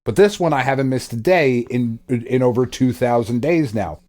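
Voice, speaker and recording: Podcast host guy, mid pitch, rambling and cussing and laughing a lot. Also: normal speed, darkish tone. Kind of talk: casual podcast chat.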